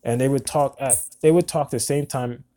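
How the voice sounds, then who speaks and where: A man in his twenties telling a personal story in a halting, earnest way, often repeating words. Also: medium pitch, dark tone. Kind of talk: personal monologue recounting events.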